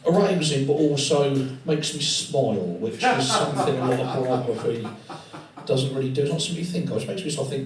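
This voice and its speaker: A man's voice: mid-range voice, expressive, fairly quick. A male comedian doing live stand-up in a tattoo studio, rambling and swearing freely in a conversational way. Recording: echoey room, distant mic, audience laughter.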